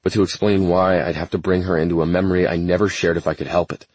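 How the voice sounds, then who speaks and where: An audiobook narrator with an extremely deep, husky, slightly mellow voice reads a first-person romance in a steady, measured, brooding and intense way. The recording is close and completely dry.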